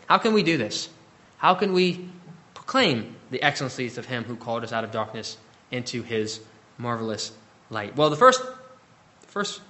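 A man preaching a sermon, earnest, asking the congregation rhetorical questions and swinging between emphatic peaks and hushed drops. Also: mid-range voice. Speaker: pastor.

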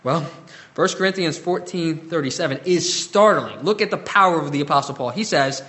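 A man preaching a sermon, swinging between loud emphasis and soft, drawn-out scripture reading. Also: fairly high pitch. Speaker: pastor.

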